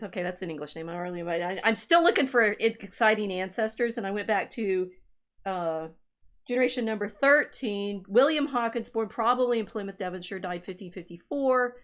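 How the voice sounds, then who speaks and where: A woman historian chatting on a livestream, reading family-tree records aloud with musing asides and restarts. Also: mid-range voice. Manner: reads genealogy records aloud, musing and self-interrupting. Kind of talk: casual livestream chat.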